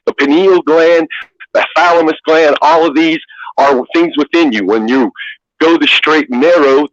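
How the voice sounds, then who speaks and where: A man's voice: fairly high pitch, no echo. Give me a rambling male caller who repeats himself, on a slightly dull call line. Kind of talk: preachy call-in rant.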